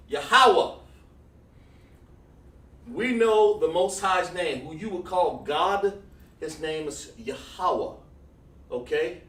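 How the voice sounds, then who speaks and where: Man, casual livestream teacher, rambling and chatty, slightly high voice, echoey room, off-mic. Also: fairly bright tone, distant mic. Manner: loose and chatty, drawing on a board while talking to viewers.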